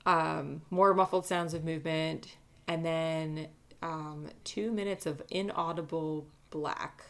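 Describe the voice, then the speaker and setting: A woman with a low voice and a gravelly edge, talking in a relaxed, casual way. She tells a story to a friend and fills her pauses with "um" and "like." Now and then she reads from a transcript. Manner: relaxed, many fillers, reads a transcript aloud.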